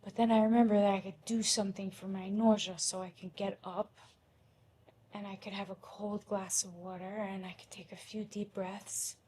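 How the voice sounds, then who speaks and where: A woman's voice: medium pitch, flat delivery, normal speed, mellow, a little hiss or hum. A young adult woman speaking as a podcast guest, candid and emotional, acting out her own inner thoughts aloud.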